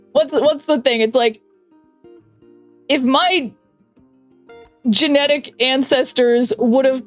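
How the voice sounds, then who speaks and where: A young woman streaming a card game, thinking aloud in a chatty way with lots of "like"s and quick restarts. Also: a little high. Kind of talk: casual stream chat while playing a card game.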